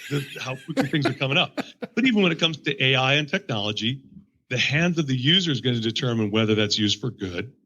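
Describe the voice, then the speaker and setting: A man who works as an executive coach, speaking as a guest from his basement home studio in an enthusiastic, animated way. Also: medium pitch, quick pace. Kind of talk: conversational interview.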